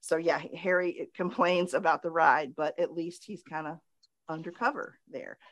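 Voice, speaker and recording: Lowish woman recapping a show. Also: fairly even intonation, moderate pace, no room sound. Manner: recaps plot at length, laughs easily. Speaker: podcast host. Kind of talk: casual podcast recap.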